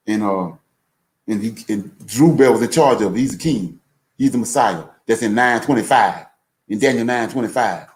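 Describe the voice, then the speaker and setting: A man reading scripture aloud slowly and then explaining it as a Bible teacher, repeating points for emphasis. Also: mid-range voice, darkish tone. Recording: echoey room.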